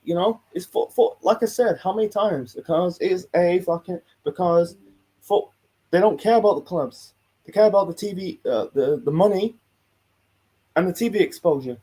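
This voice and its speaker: A man's voice: high voice, normal speed, mellow, husky. A man hosting a casual live stream, reacting to a video with a rambling, repetitive, heated and sweary manner. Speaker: host reacting to a football video.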